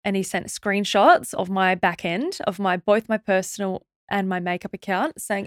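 A young woman telling a stressful story as a podcast guest, in a quick, animated way with many fillers and restarts. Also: medium pitch, no echo, clean studio sound. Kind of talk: casual storytelling interview.

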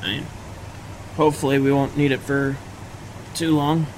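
A man's voice: medium pitch, little pitch movement, normal speed, background noise. A man playing a tabletop role-playing game, joking and casual. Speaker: player.

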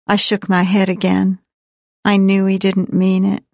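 A woman reading a novel aloud in first person, in a measured, wry and reflective way. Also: mid-range voice, monotone, creaky, no room sound, clean studio sound. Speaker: audiobook narrator. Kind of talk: first-person audiobook narration.

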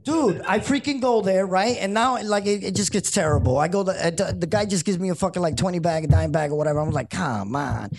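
A man telling a story casually, swearing and acting out loud impersonations. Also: high voice, fairly quick, few pauses. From New York. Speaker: guest.

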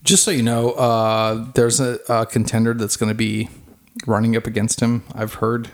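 A man's voice: medium pitch, little pitch movement. A man co-hosting a casual podcast, teasing his bandmates and laughing a lot. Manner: teasing, quick with jokes, laughing. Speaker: podcast co-host. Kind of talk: casual chat over beers.

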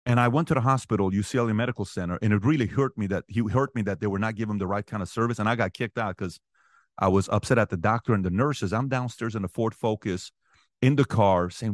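A man in his forties, an interview guest telling personal stories with animated energy, his voice rising sharply when he relives arguments. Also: fairly low pitch, fast talker, dry recording, studio quality. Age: 40s. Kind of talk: storytelling in conversation.

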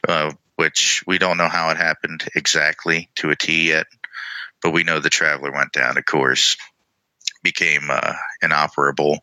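A man co-hosting a casual podcast, chatting and reading passages aloud in a relaxed way. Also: rumbling low, no echo, rough recording. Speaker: podcast co-host.

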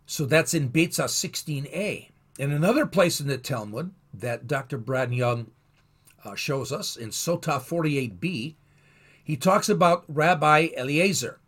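A man teaching a Bible lesson in a thoughtful, explanatory way, pausing and restarting as he goes. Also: a little high, expressive, a bit bright, breathy edge.

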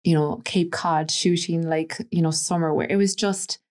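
A woman with a West Cork Irish accent speaks in a fairly low, grounded register for a woman. She is a podcast guest telling long anecdotes, with plenty of "like" and "you know" woven through her talk. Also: steady tone, normal speed, darkish tone. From Ireland, West Cork. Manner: chatty, anecdotal, frequent fillers like "like" and "you know". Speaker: guest, stylist. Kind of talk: casual interview storytelling.

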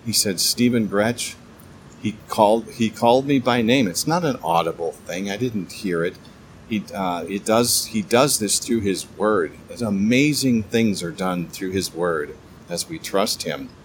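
Guy doing a casual bible devotional, kinda stammery but hyped, slightly low voice. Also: animated, slight background noise. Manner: halting, stammers and restarts often; enthusiastic, keeps calling things cool. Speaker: Bible teacher.

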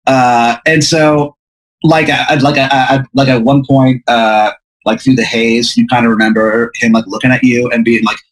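A man's voice: medium pitch, level tone, normal speed, rough recording. A man hosting a podcast, improvising a comic hypothetical story with a rambling, filler-heavy delivery. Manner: rambling, lots of fillers, laughs mid-sentence. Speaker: podcast host.

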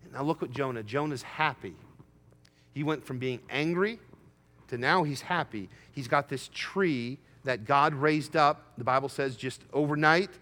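Bright, emphatic male preacher. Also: mid-range voice, unhurried, in a large hall. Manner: emphatic, rising to excited peaks when voicing Jonah. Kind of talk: sermon.

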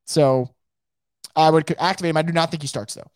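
A man hosts a casual sports podcast from home, talking fast and with emphasis, and he often doubles back on his words. His voice sits a bit high for a man. The sound is dry and close, with no room echo. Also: fairly even intonation. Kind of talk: casual live sports talk, reading viewer comments.

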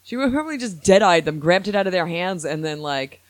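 A man hosting a podcast in casual chat, opinionated and animated, quick to laugh. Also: high voice, dry recording. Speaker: podcast host.

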